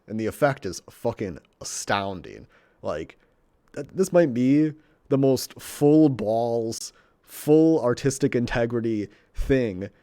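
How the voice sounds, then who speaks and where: In a loose, casual monologue, a young man reviews a show he loves, swearing often, tripping over his words and getting more and more worked up as he gushes. His voice is fairly low and dark, with no echo.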